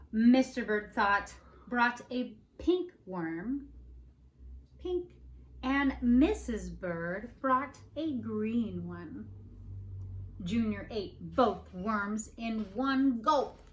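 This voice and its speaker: A woman, a preschool teacher, reading a children's picture book aloud in a playful, animated way and asking the listeners questions. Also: on the high side, very slow. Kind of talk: children's storybook read-aloud. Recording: faint background noise. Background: dog barking now and then.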